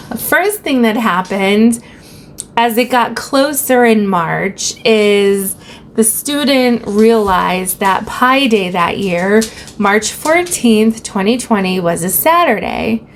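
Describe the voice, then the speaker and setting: A woman's voice: mid-range voice, animated, slow pace, slight background noise. A woman who teaches, telling a personal story casually on her vlog and retelling conversations in her own voice.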